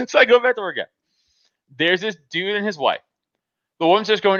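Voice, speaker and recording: A podcast host tells a story in casual talk, swearing plenty, laughing often and animatedly acting out both sides of an argument. His voice is high, at a normal speed with long pauses, and the recording is dry and muffled.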